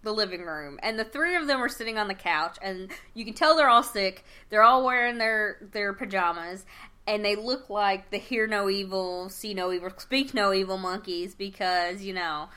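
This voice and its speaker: A woman's voice: medium pitch, normal speed, sharp tone, clear, resonant tone. A young woman co-hosting a podcast, chatting casually and rambling through a retelling of a TV episode. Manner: rambling, retells scenes with quoted voices. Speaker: podcast co-host. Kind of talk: casual chat recapping a TV episode.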